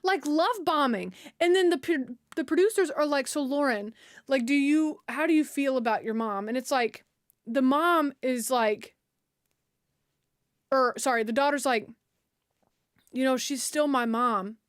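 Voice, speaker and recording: A woman's voice: sits high, unhurried, no echo, studio quality. A young woman streamer retelling a story in casual, slangy chat, full of fillers and outbursts.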